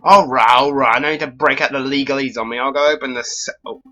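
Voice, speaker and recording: A man's voice: medium pitch, steady tone, quick pace, sharp tone, natural voice. A man voicing a brusque, indignant male concierge bird in a game.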